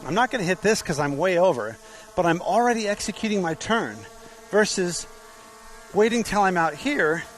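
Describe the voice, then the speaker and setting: A man's voice: high-pitched, animated, moderate pace, slight background noise, poor audio. A man working as a motorcycle training instructor, explaining an outdoor cone pattern. He talks it through by asking questions and then answering them himself. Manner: explanatory, asks and answers his own questions.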